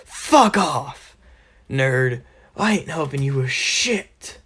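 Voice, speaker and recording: A man's voice: medium pitch, slow pace, a bit bright. A man voicing a hot-tempered, foul-mouthed teenage boy who sneers and shrieks curses in a fan-made story. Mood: snarling.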